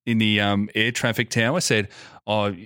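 An Australian man co-hosting a podcast, telling stories in an animated, laughing, profane way. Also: fairly low pitch, normal speed, no room sound, studio quality. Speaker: podcast co-host. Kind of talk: casual chat.

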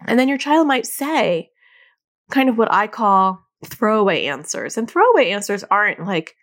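A middle-aged woman, a therapist hosting a podcast, giving casual advice to parents in an animated, conversational way and laughing at herself. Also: mid-range voice, moderate pace. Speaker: podcast host and child anxiety therapist.

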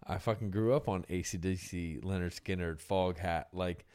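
A man's voice: sits low, fairly even intonation, moderate pace, darkish tone, clean tone. A young man hosting a casual podcast chat about music, loose and profane, often trailing off and restarting.

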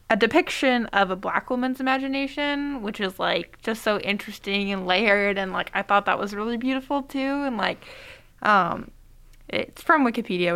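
Chatty young woman with a gravelly edge. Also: medium pitch, pushed and bright. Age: 20s. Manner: chatty, many fillers. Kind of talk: casual chat about music.

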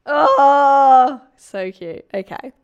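A woman's voice: sits high, animated, very slow, muffled recording. A woman co-hosting a podcast, reading a listener's story aloud in a chatty, playful way and breaking off to joke. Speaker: podcast co-host.

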